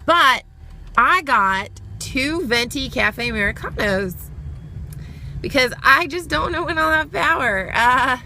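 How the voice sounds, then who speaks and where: A woman's voice: high voice, animated, takes it slowly, bright, forceful tone. Chatty exasperated woman in a car. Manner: chatty and exasperated, laughing often. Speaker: vlogger. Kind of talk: casual vlog chat. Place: in a car, driving through snow. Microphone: phone camera. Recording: car noise behind the voice.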